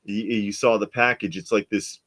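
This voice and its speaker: A man's voice: lowish voice, moderate pace. A middle-aged man co-hosting a casual live stream, chatting and telling stories animatedly, acting out quotes as he goes. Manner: animated storyteller, acts out quotes. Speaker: co-host.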